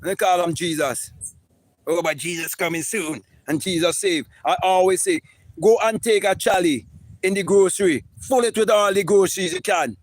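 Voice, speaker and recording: Fiery high-voiced man preaching. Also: moderate pace, dry recording. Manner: emphatic, preachy and profane, with repeated words. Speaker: spiritual teacher streaming live. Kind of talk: impassioned live-stream monologue.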